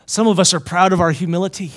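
A man preaching a sermon at a Bible college, emphatic and full of questions to his listeners, swinging between loud and hushed lines. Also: sits high, fairly even intonation, a little fast. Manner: asks the listeners many questions.

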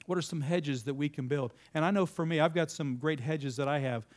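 Man, slightly high voice, conversational preacher, quizzes the crowd, emphatic bursts. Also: fairly quick. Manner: conversational, asks the audience questions and repeats their answers. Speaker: speaker addressing a live audience. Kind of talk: interactive sermon-style talk.

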